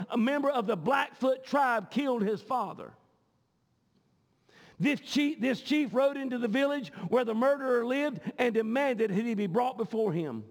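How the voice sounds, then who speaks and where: A man pastor, preaching a sermon with passion and often repeating words as he goes. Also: very high voice. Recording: long hall reverb.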